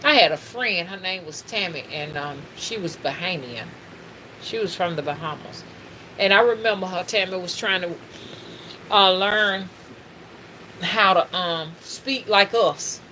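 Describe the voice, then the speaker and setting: A woman's voice: fairly low pitch, a little slow, background noise. A middle-aged woman, talking casually and preachily to her livestream viewers, calling them y'all. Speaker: spiritual reader and livestream host.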